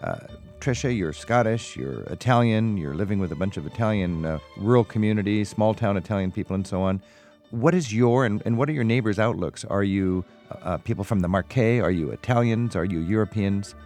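Radio host guy, low gravelly voice, chill chatty questions, bit of music behind. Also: brisk. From United States. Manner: relaxed, conversational questioning. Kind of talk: radio travel show.

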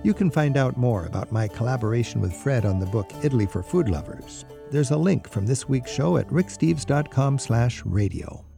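A man's voice: mid-range voice, creaky. A man hosting a radio travel show, interviewing a guest with curiosity and playful questions.

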